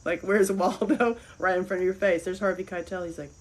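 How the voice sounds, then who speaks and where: A woman's voice: fairly low pitch, level tone, fast, poor audio. A middle-aged woman chats loosely to her livestream viewers. She rambles from one thought to the next and breaks into giggles often. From American South. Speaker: livestream host. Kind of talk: casual livestream chat reading comments.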